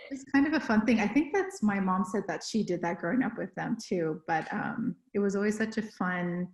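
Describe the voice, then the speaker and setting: A woman's voice: mid-range voice, animated, moderate pace, a little mellow, reverberant, low-quality recording. A young woman from Texas co-hosting a podcast from home, chatting casually with lots of fillers and restarts. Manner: rambling, lots of fillers and self-corrections. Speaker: podcast co-host. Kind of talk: casual chat.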